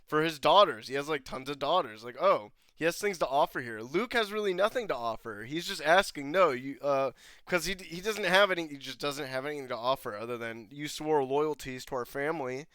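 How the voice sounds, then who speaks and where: A man's voice: a little high, expressive, fairly quick, pushed and bright, no echo. A young man casually breaking down a TV episode, rambling, swearing freely and laughing often. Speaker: YouTube show reviewer.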